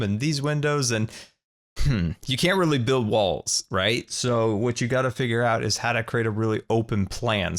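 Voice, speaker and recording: A man in his thirties hosting a video game let's play, talking through his building and his pranks in a playful, animated way. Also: medium pitch. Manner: animated, playful, narrates his own moves. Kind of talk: gameplay commentary.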